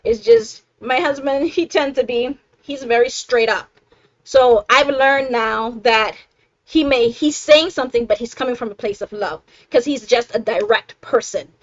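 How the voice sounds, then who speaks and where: High bright-voiced woman hosting a live chat, laughs a lot, keeps saying right, close dry mic, kinda lo-fi sound. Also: expressive, a little slow, no echo. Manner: emphatic, coaching, laughs often, repeats "right?". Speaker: host of a live self-help stream. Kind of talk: casual live-stream talk.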